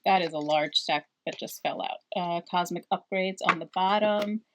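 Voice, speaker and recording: A woman's voice: lowish voice, moderate pace, noisy background. A middle-aged woman giving a casual, reassuring spiritual card reading, rambling with fillers. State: out of breath. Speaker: tarot card reader.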